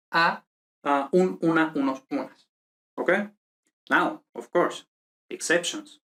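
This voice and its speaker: A teacher giving a beginner language lesson, who often checks in with "okay?" and "no?" and repeats words slowly for pronunciation. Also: medium pitch, fairly bright tone. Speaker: Spanish teacher.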